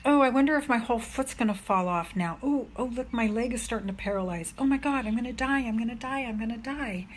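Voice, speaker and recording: A woman's voice: on the high side, quick pace, hardly any pauses, slight background noise, lightly acted. Woman doing a whiny complainer, wailing, self-pitying, overdramatic over a tiny injury. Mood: melodramatic whining. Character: whiny person melodramatic over a stubbed toe.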